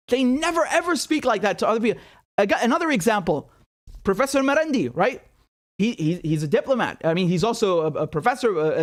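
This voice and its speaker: A man hosting a livestreamed political commentary show, ranting in an animated, exasperated way with sarcastic asides. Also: high-pitched.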